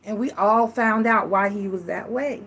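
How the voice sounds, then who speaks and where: A woman's voice: mid-range voice, normal speed, a bit bright. A woman giving a casual, frank tarot reading, chatty and full of restarts. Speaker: tarot reader.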